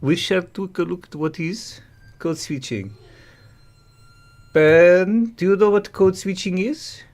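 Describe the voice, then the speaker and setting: A man's voice: high voice, takes it slowly, a little mellow, voice pushed up. A man doing a pompous mock lawyer. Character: mock pompous male lawyer, broken English.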